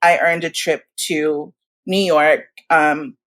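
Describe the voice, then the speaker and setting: A woman in her forties telling stories in casual chat as a guest, animated and laughing often, acting out the voices of people she quotes. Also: low voice, slow. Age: 40s. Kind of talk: casual storytelling.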